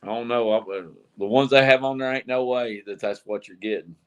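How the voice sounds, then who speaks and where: A man's voice: mid-range voice, fairly even intonation, brisk, fairly bright tone, clear, resonant tone. A man hosting a casual group livestream, joking and rambling, laughing at his own jokes. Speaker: livestream host, motorcycle vlogger. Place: outdoors at night, windy.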